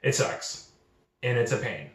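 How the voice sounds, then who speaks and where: A man's voice: mid-range voice, measured pace, echoey room. A young man giving casual advice to junior developers, earnest, often repeating and restarting his words. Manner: acts out quoted recruiters in lively voices. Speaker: channel host.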